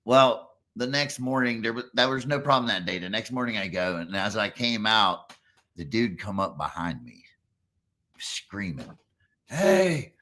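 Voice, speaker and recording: A man hosting a casual chat, telling stories in an animated, profane way. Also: on the low side, normal speed.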